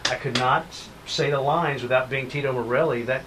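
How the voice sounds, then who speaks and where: A man's voice: medium pitch, fairly even intonation, brisk, background noise. A man hosting a casual talk show interview, easygoing and often repeating words as he searches for them. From Lubbock, Texas.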